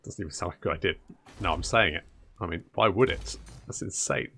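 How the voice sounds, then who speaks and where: A man's voice: deep voice, fairly quick, fairly bright tone, husky. A man commentating a strategy game in casual let's-play style, sarcastic and swearing as he grumbles at the game. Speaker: gaming YouTuber.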